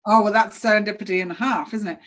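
A woman guest telling a personal story in a casual interview, animated and laughing often as she acts out what people said. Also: medium pitch, fast.

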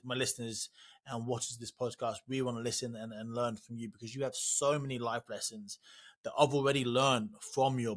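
A British-born man hosting a podcast interview, gushing with praise and stumbling over his words as he gets carried away. His delivery is chatty and enthusiastic, with his pitch kept in an ordinary middle range. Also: fairly bright tone. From Britain. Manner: effusive, enthusiastic, many restarts. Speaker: podcast host. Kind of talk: casual interview chat. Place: living in America.

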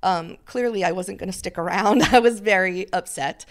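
A middle-aged woman chatting as a podcast guest, telling her story lively and acting out what people said. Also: mid-range voice, moderate pace. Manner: animated storyteller, acts out quotes. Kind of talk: casual interview chat.

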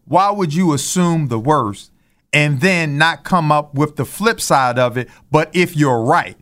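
A man co-hosting a talk show, talking in a reflective, measured way as he builds his argument. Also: on the high side, lively intonation, fairly bright tone. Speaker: co-host. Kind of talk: candid talk-show commentary.

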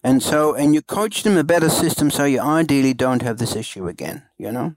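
A man, a parenting coach, giving earnest, halting podcast interview answers with many restarts. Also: medium pitch, lively intonation, no room sound, poor audio. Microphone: remote call.

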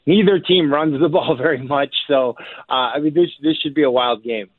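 A former player turned football analyst, a man calling in as a radio guest and breaking down plays step by step with quick chuckles. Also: on the high side, dry recording. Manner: energetic, explains plays step by step, chuckles between points. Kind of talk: casual radio interview analysis. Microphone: phone call. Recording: tinny phone line, dry.

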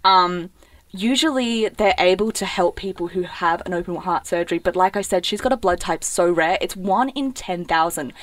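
A woman's voice: lowish voice, moderate pace, dry recording. A young woman, co-hosting a casual podcast chat in a chatty, enthusiastic way. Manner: chatty, enthusiastic, with many fillers. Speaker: co-host.

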